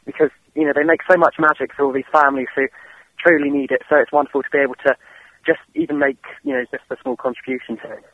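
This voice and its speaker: A man's voice: on the high side, animated, fast talker. A young man in his twenties from England with an English accent, calling in to a show and chatting eagerly in long run-on sentences. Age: 20s. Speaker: caller. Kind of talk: casual call-in chat. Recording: muffled phone line.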